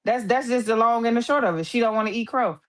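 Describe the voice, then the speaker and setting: A woman's voice: a little high, quick pace. A woman speaks as a guest on a livestream in casual gossip commentary. She is emphatic and circles back to the same point again and again. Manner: emphatic, repeats her points.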